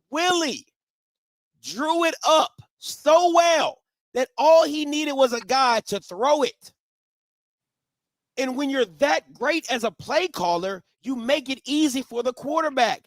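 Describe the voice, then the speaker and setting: Man, high voice, dry close sound, sports talk host, emphatic, repeats himself. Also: slow, dry recording. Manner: emphatic, repeats points for stress. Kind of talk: casual sports debate.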